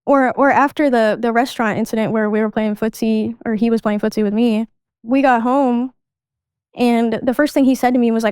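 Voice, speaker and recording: Young woman, halting candid storyteller. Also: fairly high pitch, fairly even intonation, darkish tone, clean tone, dry recording. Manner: halting, restarts sentences, reenacts past dialogue. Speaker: guest sharing her life story.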